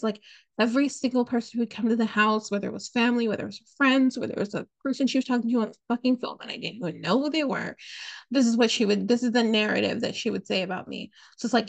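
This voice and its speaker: Gravelly-voiced woman telling a blunt story. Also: a little high, fast. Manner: casual, blunt, swears freely; frequent "like" and "you know" fillers. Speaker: podcast host. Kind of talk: candid personal storytelling.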